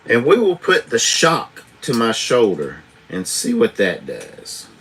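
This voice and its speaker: A man's voice: medium pitch, wildly swooping pitch, slow pace, fairly bright tone, breathy edge. A man, a truck driver chatting casually and rambling on a live stream, swearing freely, chuckling often, recorded on a tablet camera.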